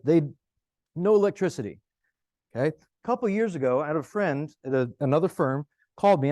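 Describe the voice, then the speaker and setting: A man speaks from a conference stage, his voice sitting a little high and swinging widely as he works through a story. He talks conversationally and keeps checking in with the audience with quick "right?" and "okay?" tags. The sound is dry and close, with little room around it. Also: dry recording. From United States. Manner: animated, conversational, frequent "right?" and "okay?" asides. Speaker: conference presenter.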